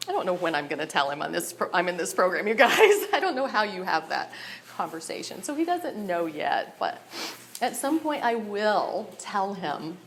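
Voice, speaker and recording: A woman's voice: mid-range voice, slight background noise. A woman giving a personal share at a recovery meeting, nervous and emotional, often breaking into laughter as she speaks candidly.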